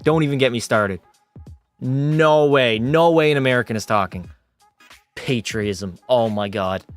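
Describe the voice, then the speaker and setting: A Canadian man with a fairly high voice chats on a gaming livestream, bantering with his viewers and answering their messages. His talk jumps up and down in pitch as he reacts. Faint music plays behind him. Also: clean tone. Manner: chatty, bantering with chat, animated jumps in pitch. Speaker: gaming streamer. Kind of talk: casual livestream chat, reading out viewer messages.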